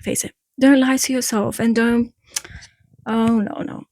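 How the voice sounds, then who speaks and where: A woman's voice: a little high, steady tone, measured pace, darkish tone, no room sound. Frank chatty woman, Eastern European accent. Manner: frank and chatty, drifts off topic, laughs at herself. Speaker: vlogger giving breakup advice. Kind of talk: casual direct-to-camera talk.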